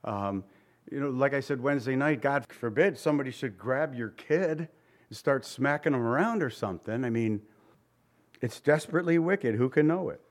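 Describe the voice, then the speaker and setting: A man of middling pitch preaching to his congregation. He talks like he is chatting with them, firing off rhetorical questions. Now and then he acts out the voices of the people he quotes. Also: lively intonation, normal speed. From Italian family background. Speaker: pastor. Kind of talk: sermon.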